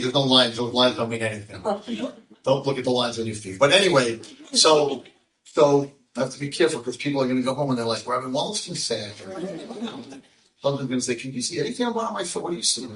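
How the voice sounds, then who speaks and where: A man's voice: mid-range voice, fast, a bit bright. An older man, a rabbi, tells a story to a roomful of listeners. He acts out the voices of the people in it and jokes with the crowd. He is heard from a distance in an echoey hall. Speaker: rabbi giving a talk. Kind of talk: storytelling talk to an audience. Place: lecture room with audience. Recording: echoey room, mic at a distance.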